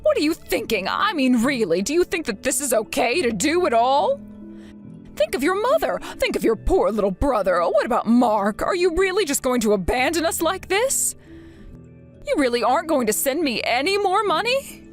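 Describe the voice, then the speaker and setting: A clingy older mother, put on by a woman, wheedles and laments in a raised, swooping voice. She is dramatic and self-pitying, the kind of grasping parent in a text story. Soft music sits far behind her. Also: sits high, sing-song, moderate pace, voice pushed up. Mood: pleading. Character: whiny, grasping older mother begging for money.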